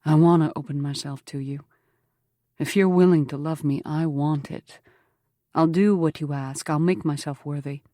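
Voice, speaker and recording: A woman's voice: low-pitched, fairly even intonation, mellow, no echo, studio quality, close to an everyday voice. Woman reading a humbled young frontier man. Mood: pleading prayer. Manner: halting, heartfelt prayer. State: voice on the edge of cracking. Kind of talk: audiobook character voice.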